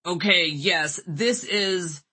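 A woman doing a stiff, booming fake man's voice. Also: slow pace, slightly rough, full character voice. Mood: stilted. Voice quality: robotic, forced and shouty. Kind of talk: audiobook memoir reading.

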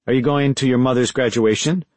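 A man's voice: mid-range voice, steady tone, a little fast, a little mellow, no room sound, lightly acted. A man voicing a remorseful middle-aged father calling from prison, talking in an apologetic, pleading way.

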